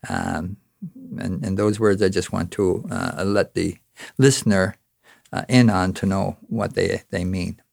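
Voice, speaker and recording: A man's voice: deep voice, fairly even intonation, measured pace, vocal fry, darkish tone, no room sound, studio quality. A man from Newfoundland with a Newfoundland accent, telling a story and then reciting a rhyming spoken-word poem with a rhythmic, dramatic delivery. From Newfoundland, Canada. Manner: rhythmic, dramatic recital with rising, exclaiming lines.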